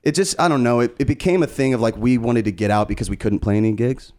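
A man's voice: medium pitch, quick pace. A man from Las Vegas, a musician guest on a podcast, chatting casually, telling stories with lots of laughter and swearing. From Las Vegas, USA. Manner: excitable, laughing storyteller, swears freely.

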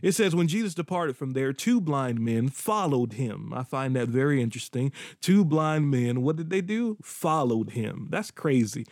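A man's voice: mid-range voice, lively intonation, normal speed, few pauses, darkish tone, no room sound, studio quality. A man preaching a podcast sermon, repeating phrases for emphasis and breaking into sudden whoops and exclamations.

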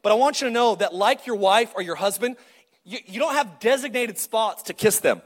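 A middle-aged male pastor preaching a lively, joking sermon and calling out to the congregation. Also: high-pitched, brisk, in a large hall. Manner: animated, joking, calls for crowd response.

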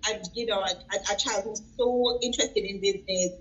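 A woman's voice: medium pitch, fairly even intonation, fairly quick, highs cut off. A woman hosting an interview, asking questions in an enthusiastic and encouraging way. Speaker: interview host. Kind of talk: casual interview.

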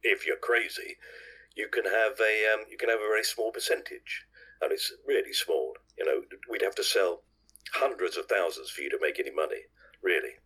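An older man from England chats as a podcast guest, telling long, rambling stories full of asides and self-corrections. His voice sits very low with a husky edge. He sounds bright and forceful despite the depth. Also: moderate pace, poor audio. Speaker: podcast guest, actor and singer. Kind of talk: anecdotal interview chat.

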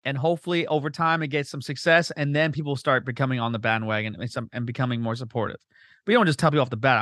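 A man hosting a podcast who talks fast and tells stories full of swearing, acting out other people's lines in exaggerated voices. His voice is close and dry, with almost no room sound. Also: mid-range voice, no echo. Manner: profane, animated, quick storytelling with voiced quotes. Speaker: podcast host. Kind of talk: casual chat.

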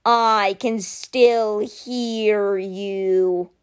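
Lady reader putting on a big proud stone cat statue guy, slow dry talk, storybook vibe. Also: medium pitch, fairly even intonation, clear, resonant tone.

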